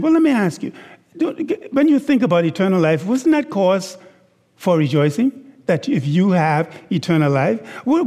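A man preaching a sermon, slow and deliberate, stressing words and asking the congregation rhetorical questions. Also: a little high, darkish tone. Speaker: pastor. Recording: long hall reverb.

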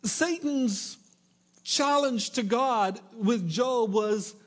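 Middle-aged male pastor, very high pitch, emphatic sermon delivery with playful asides. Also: expressive, takes it slowly. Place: church with congregation.

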